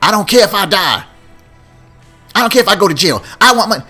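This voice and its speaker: A man voicing a desperate man who shouts demands for money on a train, loud and strained. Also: sits high, lively intonation, fast talker, husky, faint music behind, voice pushed up, full character voice.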